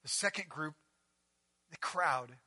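Man, pastor, sermon, impassioned, high-pitched, bright tone. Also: animated, slow, no room sound. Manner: impassioned, rises to near-shouting on emphatic passages.

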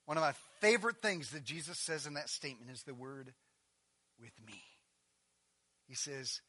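A man preaching a sermon, moving between hushed intensity and loud, emphatic passages, and acting out quoted lines in a casual, animated voice. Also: medium pitch, normal speed, pauses often, slightly rough. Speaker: pastor.

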